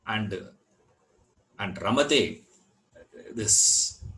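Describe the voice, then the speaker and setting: A man teaching a scripture class, unhurried, repeating words and filling gaps with "you know". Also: on the low side, expressive, fairly bright tone, low-quality recording. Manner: chants Sanskrit verse. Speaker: Vedanta teacher.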